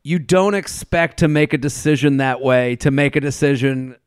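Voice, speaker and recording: A man co-hosting a podcast in casual chat, animated and rambling, with repeated stammered restarts. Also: medium pitch, moderate pace, clean tone, no room sound, clean studio sound. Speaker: podcast co-host. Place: remote recording over a video call.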